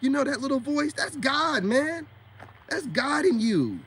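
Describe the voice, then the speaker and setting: A man's voice: very high-pitched, very animated, measured pace, fairly bright tone. A man giving a casual, preachy monologue as a self-styled spiritual coach, emphatic and full of street slang and rhetorical questions.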